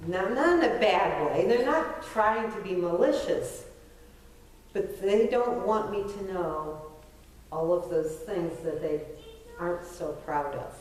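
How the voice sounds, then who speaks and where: A middle-aged woman pastor preaches in a slow, conversational way, mixing self-deprecating asides with emphatic points. Her voice is picked up from a distance and rings through a very reverberant church sanctuary. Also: mid-range voice. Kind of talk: sermon. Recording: very echoey church from far off.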